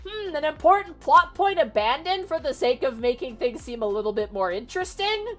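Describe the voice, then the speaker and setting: A young woman streamer casually retelling a novel for her chat, animated and exasperated, swearing freely. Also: high voice, fairly quick. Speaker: VTuber streamer. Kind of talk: casual livestream book retelling. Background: faint music.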